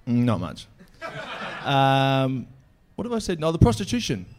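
A man's voice: medium pitch, unhurried. Laughing man telling stories. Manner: animated storytelling, swears and laughs freely. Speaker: guest storyteller. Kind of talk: casual podcast chat.

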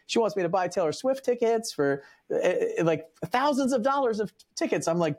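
A man's voice: sits high, animated, fairly quick, few pauses, a little mellow. A man tells his coach about his morning in a loose way, with lots of fillers. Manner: loose, filler-heavy storytelling. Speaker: coaching client. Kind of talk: casual personal account.

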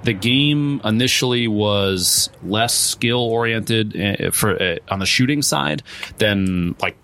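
A man's voice: on the low side, slow pace, gravelly, a bit bright. A man, a pro streamer, giving a long, rambling interview answer with many restarts and quoted asides. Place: event venue.

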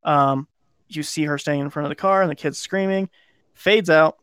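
Rambling podcast man, fairly high voice. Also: normal speed, fairly bright tone, clean tone, no echo. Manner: rambling, lots of "like" and restarts, acts out quoted lines. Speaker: podcast co-host. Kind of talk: casual chat, retelling a film plot.

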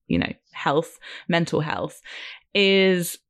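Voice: medium pitch, sing-song, slow, fairly bright tone. Een interviewer die bedachtzame, reflecterende vragen stelt, met een gemiddelde toonhoogte. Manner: reflective, thoughtful questions. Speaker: interview host. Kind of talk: conversational interview.

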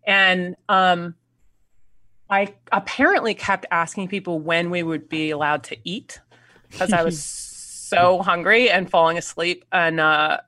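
Woman guest, lowish and bright voice, animated storyteller, dry close sound. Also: measured pace, no room sound. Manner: animated storyteller, acts out quotes, laughs often. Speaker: actress guest. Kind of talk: casual anecdote telling.

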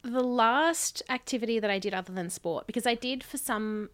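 A woman co-hosting a podcast, telling stories in a relaxed, chatty way. Her laughter comes through easily as she talks. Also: a little high, normal speed. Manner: chatty storytelling, laughs often. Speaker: podcast co-host. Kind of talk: casual chat.

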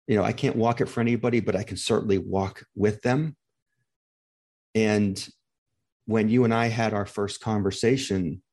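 A middle-aged man hosting a heartfelt interview, talking gently and reflectively with encouragement. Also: fairly low pitch. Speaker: grief coach host.

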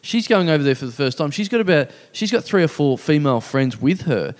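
A man's voice: on the high side, big pitch swings, brisk, big-room sound. A man in his forties, podcast co-host, telling a rambling anecdote in casual chat, laughing often. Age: 40s.

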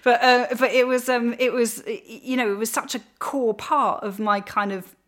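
A woman's voice: a little high, steady tone, moderate pace, fairly bright tone. A woman in her forties chatting casually as a podcast guest, rambling with fillers and restarts and laughing easily. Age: 40s.

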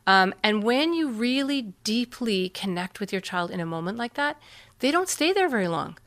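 A woman appearing as an interview guest explains parenting techniques earnestly and with animation, often acting out what kids and parents say. Her voice is medium in pitch and her pace moderate.

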